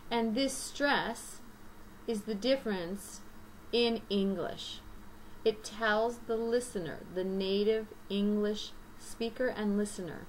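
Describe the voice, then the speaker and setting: Lady teaching an english lesson, slow and careful, bit of hiss behind. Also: medium pitch, rough recording. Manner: slow, deliberate, listing items one by one. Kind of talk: recorded grammar lesson.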